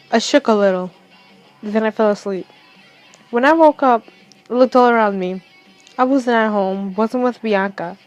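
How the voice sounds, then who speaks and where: Young woman reading a story, slightly high. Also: a little mellow, muffled recording, faint music behind. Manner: reads haltingly with restarts. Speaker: fan fiction reader. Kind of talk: first-person story reading.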